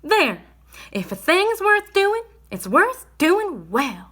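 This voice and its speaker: A woman putting on a spry old countrywoman from a storybook, high-pitched and bright, scolding stranded animals in brisk folksy talk. She bosses everyone around with a cheerful, no-nonsense snap. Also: sing-song, heavily acted. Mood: bossy cheer.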